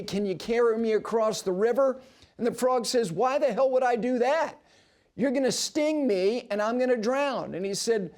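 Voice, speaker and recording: A man hosting a golf talk show on television, telling stories and making emphatic points in a broadcast studio. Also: high-pitched. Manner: animated storyteller with emphatic asides. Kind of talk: broadcast sports commentary.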